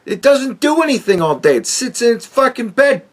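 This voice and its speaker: A man's voice: extremely high pitch, very animated, normal speed. A man hosting a podcast, ranting crudely and mockingly with heavy swearing as he reacts to a clip. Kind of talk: profane ranting commentary.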